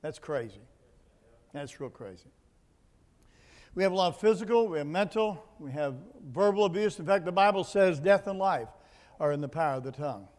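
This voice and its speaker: High-voiced preacher in a reverberant hall. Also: male voice, lively intonation, moderate pace. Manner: swings from low, quiet asides to loud, emphatic preaching. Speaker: pastor. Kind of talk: sermon. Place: church building.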